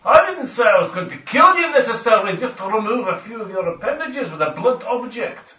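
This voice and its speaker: A man voicing a gruff male dwarf cleric who interrogates with mocking, sly threats, in a dull, distant, echoey recording. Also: high-pitched, big pitch swings, unhurried, full character voice. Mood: menacing.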